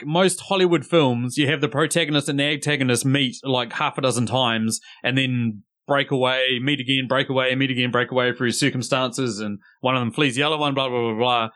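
A man hosting a casual podcast chat, talking through his points in a relaxed, rambling way. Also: medium pitch, fairly quick, few pauses. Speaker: podcast host.

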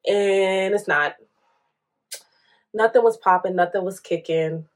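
A young woman chatting on her podcast in a loose, rambling way. She curses casually and slips into the voices of the people in her stories, with a pitch in the usual middle range for a woman. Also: takes it slowly. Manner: chatty, profane, acts out quotes with laughs. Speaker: podcast host. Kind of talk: casual storytelling monologue.

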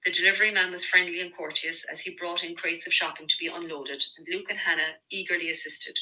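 A woman with an Irish accent narrating a romance novel in an even storytelling delivery. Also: on the low side, quick pace, poor audio. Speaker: audiobook narrator. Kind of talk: scripted narration.

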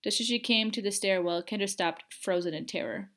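Woman reading fanfic audiobook, mid voice, measured and expressive. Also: medium pitch. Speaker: audiobook narrator. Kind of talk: fan fiction audiobook reading.

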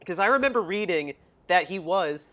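A co-host chatting about a film in a rambling, giggly way, acting out scenes in quick quoted voices. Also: medium pitch, expressive, highs cut off. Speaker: movie review podcast co-host. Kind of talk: casual chat.

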